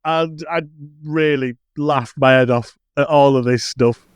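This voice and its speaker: A man's voice: mid-range voice, fairly even intonation, measured pace, clean tone, no echo. Chatty man, dry close mic. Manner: chatty, laughs often, playful asides. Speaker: podcast co-host. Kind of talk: casual chat.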